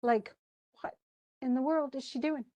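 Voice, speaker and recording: A woman's voice: high-pitched, steady tone, unhurried, warm tone. A woman teaching a literature class, chatting about a play and reading lines aloud with frequent laughs. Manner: chatty, reads quotes aloud, laughs often.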